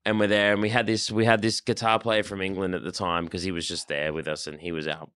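A man, telling band stories in a casual, animated way, swearing and restarting often. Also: low-pitched, quick pace, clean tone, no room sound, clean studio sound. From Australia. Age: 30s. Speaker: band member, guest. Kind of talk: casual storytelling.

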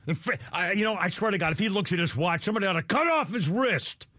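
A man's voice: sits high, expressive, fast, pushed and bright, dry recording. A man hosting a talk radio show, ranting in anger with mild swearing, often breaking off and starting over. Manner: angry, swearing, trailing off and restarting. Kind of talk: heated talk radio rant.

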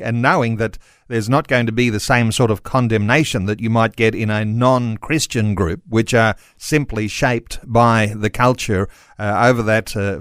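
A man's voice: on the low side, smooth, dry recording. Male radio host, dry studio sound. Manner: rambling questions with many uh fillers. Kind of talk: radio interview.

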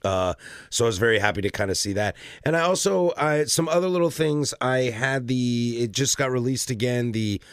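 A man's voice: lively intonation, moderate pace, clean tone, no room sound, clean studio sound. A man from the co-hosting a podcast in casual chat, talkative and self-deprecating. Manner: chatty, self-deprecating, acts out quotes in a low voice. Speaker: podcast co-host.

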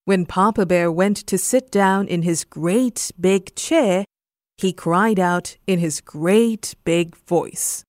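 A young adult woman storyteller giving a slow, expressive bedtime story narration. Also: on the low side, no room sound, clean studio sound.

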